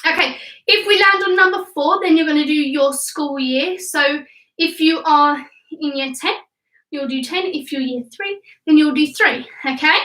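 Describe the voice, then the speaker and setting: A cheerful young woman leads a children's home workout, encouraging everyone and counting out reps. Her voice is high and crisp. It echoes around a room at home, picked up from some distance. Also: moderate pace, sharp tone. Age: 20s. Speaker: kids' gymnastics coach. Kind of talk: instructional workout class.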